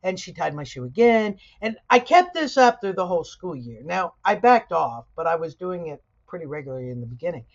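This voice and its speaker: A middle-aged woman teaching sociology in a conversational video lecture, weaving personal stories with lively asides. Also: lowish voice, a little fast, hardly any pauses, muffled recording. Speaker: sociology instructor.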